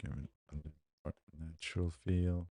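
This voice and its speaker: This is a screen-recorded editing tutorial in which a deep-voiced man talks through his photo edits at normal speed, often muttering to himself. His manner is relaxed, and there's no room sound.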